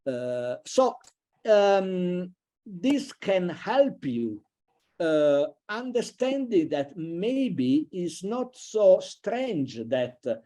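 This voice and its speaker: A man giving an online university lecture, halting and thinking aloud with many fillers and restarts. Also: sits high, sing-song, dark tone. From Italy. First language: a regional language between France and Italy.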